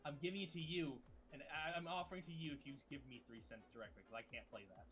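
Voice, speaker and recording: A man's voice: fairly high pitch, a bit bright. A man playing a card game on a stream, explaining rules and teasing the other players. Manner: quick, rules-focused, teasing. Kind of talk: casual game-night banter. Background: faint music.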